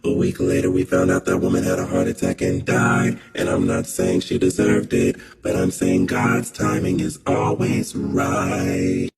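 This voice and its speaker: A man with a very deep, gravelly voice tells a story in a blunt, deadpan way. His pitch swings widely, and the recording sounds roomy and echoey. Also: a little slow, few pauses. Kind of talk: casual storytelling.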